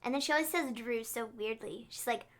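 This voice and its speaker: A woman co-hosting a show in casual chat, giggly and animated, often stopping and restarting her sentences. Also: a little high, brisk. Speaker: co-host of a wrestling recap show.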